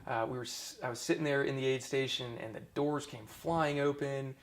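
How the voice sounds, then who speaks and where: A man's voice: mid-range voice, moderate pace. A man in his thirties, a former army dentist, telling his stories in a casual oral history interview, with many restarts and fillers.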